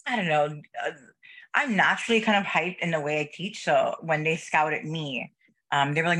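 A woman's voice: low voice, fairly bright tone. Upbeat woman yoga teacher guest. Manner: upbeat, affirming, quick to agree. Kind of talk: casual chat.

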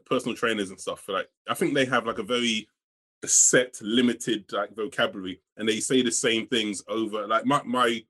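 A man's voice: medium pitch, a bit bright. A man co-hosting a podcast, chatting casually in a blunt way and swearing freely. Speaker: podcast co-host. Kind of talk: casual chat.

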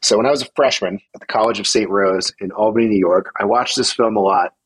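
A man's voice: fairly low pitch, quick pace, breathy edge, low-quality recording. A man co-hosting a podcast, talking through a film in an emphatic, casual way with many "like" fillers. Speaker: podcast co-host.

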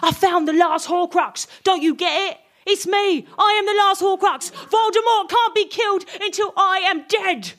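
A woman's voice: very high-pitched, normal speed, hardly any pauses, a bit bright, pitched above the performer's own voice. A woman voicing an earnest teenage wizard boy with a South London accent. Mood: dramatic.

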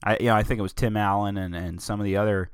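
Casting: male solo host, low voice, opinionated and digressive, dry close sound. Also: steady tone, quick pace, clean tone, dry recording. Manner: rambling and opinionated, digresses freely. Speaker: podcast host. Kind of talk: casual solo monologue.

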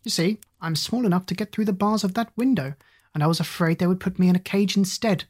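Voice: mid-range voice, fast talker, a little mellow, natural voice. A reader voicing a clever, self-assured female parrot. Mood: confident.

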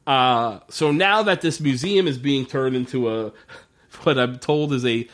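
A man's voice: medium pitch, unhurried, a bit bright. A man co-hosting a podcast, recapping a TV episode in casual chat, laughing often and swearing freely. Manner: laughing, profane, rambling. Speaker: podcast co-host.

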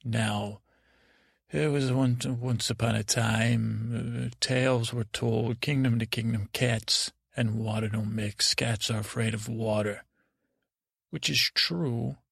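A man improvises a bedtime story as host of a podcast, and he wanders and loops back as he goes. His voice is gravelly and mid-pitched. The sound is close and dry. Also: steady tone, slow pace, a bit bright, dry recording. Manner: rambling, meandering.

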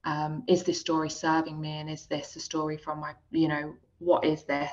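A woman's voice: sits low, completely flat delivery, normal speed, highs cut off. A woman speaking as a guest coach, reflective and thoughtful with many fillers. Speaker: self-worth coach, guest. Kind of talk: casual conversational interview.

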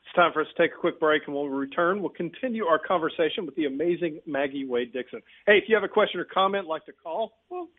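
A male talk-radio host with a slightly high voice, upbeat and brisk as he moves the show along. The sound is narrow and tinny, like it comes over a phone line. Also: expressive. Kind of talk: radio interview hosting.

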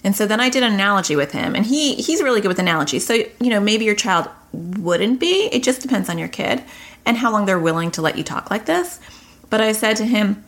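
On her own channel, a parenting and anxiety educator gives casual advice straight to camera in a brisk, animated way. She tells stories with energy, and her pitch leaps when she quotes other people.

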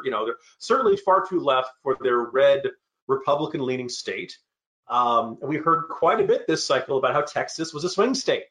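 A middle-aged man weighs in as a panelist on a political discussion. His voice sits slightly high, and he drops in sardonic asides as he makes his points. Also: sharp tone.

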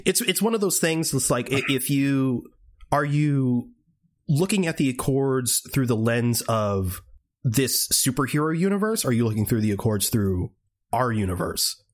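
A man on a podcast, chatting loosely about movies with lots of false starts and the odd curse. His voice sits at an ordinary middle pitch. He talks in easy, everyday tones. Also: expressive, normal speed. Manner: heated, swearing rants with acted-out quotes; rambling with many restarts. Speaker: podcast co-host. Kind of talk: casual chat.

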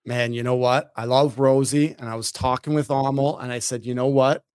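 Man, 30s, former hockey player, podcast guest, animated storyteller, mid pitch, dry close sound. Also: normal speed, clear, resonant tone, no room sound. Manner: animated, acts out his own shouts in the story. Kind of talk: casual storytelling.

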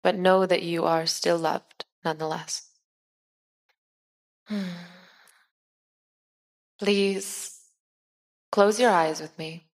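An earnest preacher, played by a woman, delivers a soothing sermon in a tabletop role-play podcast. Her voice sits a little low. She talks slowly and gently. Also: fairly even intonation. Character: female preacher giving a sermon.

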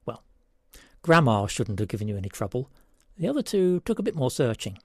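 A man's voice: mid-range voice, sing-song, a little fast. A man hosting a word-puzzle segment, reading a story aloud and explaining, in a playful way.

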